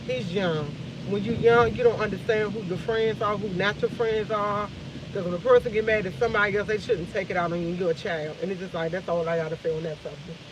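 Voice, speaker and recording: A woman's voice: mid-range voice, steady tone, brisk, background noise. A tired woman host on a casual live stream, venting with emphatic repetition and swearing.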